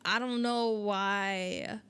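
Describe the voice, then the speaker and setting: A woman's voice: medium pitch, fairly even intonation, very slow, a bit bright, clear, resonant tone. Chatty woman podcast guest. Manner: questioning, loose, filler-heavy. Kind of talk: casual chat.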